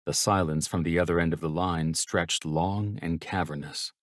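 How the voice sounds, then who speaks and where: A man reading a romance audiobook in first person, with measured, even storytelling. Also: low voice, no echo, studio quality. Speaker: audiobook narrator.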